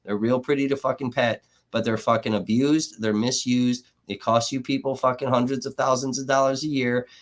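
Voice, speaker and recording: A man's voice: mid-range voice, little pitch movement, moderate pace, few pauses. A man hosting a livestream, talking casually and ranting angrily with heavy swearing. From Milwaukee area. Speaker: livestream host. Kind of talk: profane livestream commentary.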